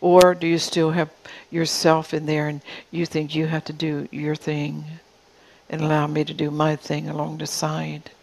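A woman's voice: low voice, completely flat delivery, a little slow, darkish tone, poor audio. A woman preacher delivering a prophetic sermon in God's voice, pressing her listeners with repeated questions. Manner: insistent repeated rhetorical questions.

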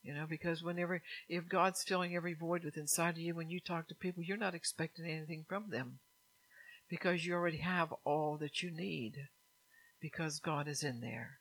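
Bright-voiced woman preaching earnestly. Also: low voice, steady tone, fairly quick, poor audio. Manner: earnest, repetitive, laughs often. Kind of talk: sermon.

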